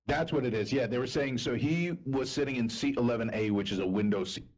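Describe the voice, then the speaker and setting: A man co-hosting a casual podcast, talking in an animated way, swearing freely and laughing often. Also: medium pitch, fairly quick, rough recording. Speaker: podcast co-host. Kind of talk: casual banter.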